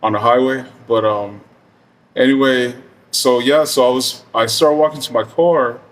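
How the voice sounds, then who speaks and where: A man's voice: mid-range voice, normal speed, recorded from a distance. A middle-aged man telling a story casually, rambling and profane with many fillers.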